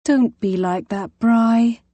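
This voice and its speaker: A woman's voice: on the high side, slow pace, dark tone, no room sound, pitched above the performer's own voice. A woman voicing a distraught young woman who is an older sister, tearful and defensive. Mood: pleading.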